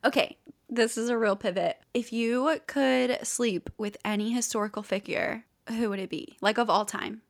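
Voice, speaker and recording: A woman's voice: on the high side, normal speed, creaky. A young woman co-hosting a podcast, easygoing and giggly, steering the chat with questions. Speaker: podcast co-host. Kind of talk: casual chat.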